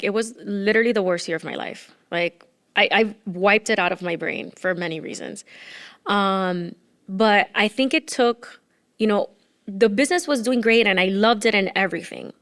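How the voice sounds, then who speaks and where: A woman's voice: mid-range voice, normal speed, a bit bright. Candid woman recounting hard years. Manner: emotional, rambling with many "like" fillers. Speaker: podcast guest, former entrepreneur. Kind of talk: candid conversational storytelling.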